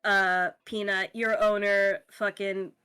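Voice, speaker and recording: A woman's voice: mid-range voice, little pitch movement, slow, pushed and bright, clear, resonant tone, faint music behind. A woman narrating a tabletop game as game master, casual and loose, swearing often.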